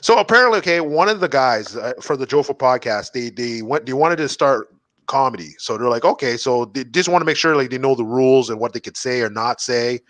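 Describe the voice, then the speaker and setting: A man's voice: medium pitch, animated, fairly quick, a bit bright, no echo. Rambling podcast host man, dry sound. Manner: rambling, full of restarts and swearing. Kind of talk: casual podcast chat.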